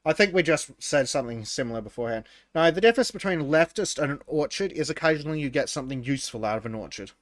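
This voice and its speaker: A man's voice: fairly high pitch, expressive, racing, few pauses, dry recording. A man co-hosting a casual podcast, reading chat comments aloud, laughing often and stumbling over his words.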